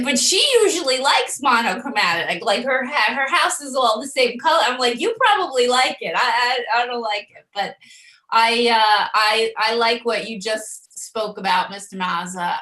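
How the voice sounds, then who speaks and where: Bright, chatty woman in an echoey room. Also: fairly high pitch, measured pace. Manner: chatty, candid storyteller. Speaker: planning board member. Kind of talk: public meeting discussion.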